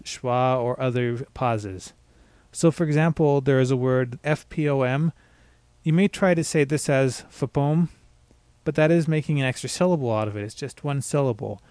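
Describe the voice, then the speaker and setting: A man's voice: medium pitch, darkish tone, no room sound. Careful man teaching pronunciation, dry sound. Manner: slow, careful spelling-out and demonstration of sounds. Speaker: language teacher. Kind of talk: scripted pronunciation lesson.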